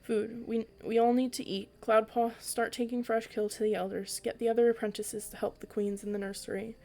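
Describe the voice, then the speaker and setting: A woman's voice: a little high, little pitch movement, fairly quick, warm tone, natural voice. A woman reading aloud as a young male warrior cat who is earnest and anxious, and who hesitates and stammers at times. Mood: urgent.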